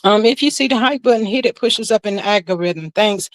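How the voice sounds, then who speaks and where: A woman's voice: mid-range voice, a little fast, rough recording. A woman hosting a casual livestream, chatty, greeting her chat and reading out messages with Southern slang. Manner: Southern slang, calls everyone child. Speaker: livestream host.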